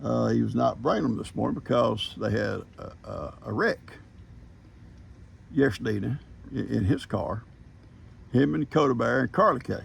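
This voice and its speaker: Older man, farm vlogger, heavy vocal fry, easygoing rambling chat, outdoors with faint background hum. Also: medium pitch, lively intonation, moderate pace. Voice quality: gravelly. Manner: folksy storyteller, chuckles often.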